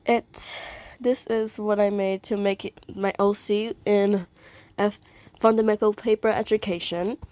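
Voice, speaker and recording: A sick, sniffly woman talks slowly through her art in a casual vlog. Her voice sits at a middling pitch, and she rambles and apologizes often, with little giggles between her remarks. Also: a little mellow. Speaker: vlogger showing her fan art. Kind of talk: casual showcase chat.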